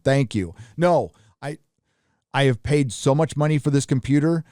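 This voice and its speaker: A male livestream host reading out viewer donations and messages, adding quick casual asides. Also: mid-range voice, expressive, mellow, no room sound, clean studio sound. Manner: reads donor messages aloud with quick asides.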